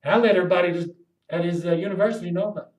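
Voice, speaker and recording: A man's voice: steady tone, very fast, lo-fi sound. Impassioned man ranting in an echoey room. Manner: impassioned, profane storytelling, swings between loud outbursts and low muttering. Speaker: video blogger. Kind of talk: rambling monologue to camera.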